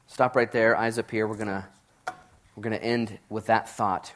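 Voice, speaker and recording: A man preaching a Bible-teaching sermon in a casual, animated way, with jokey asides. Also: on the low side, moderate pace. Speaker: pastor.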